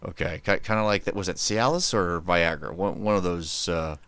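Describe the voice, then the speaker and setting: A man with a deep, slightly bright voice hosts his own podcast, chatting casually at normal speed in a clean tone with no echo. He rambles and jokes, interrupting himself and restarting sentences.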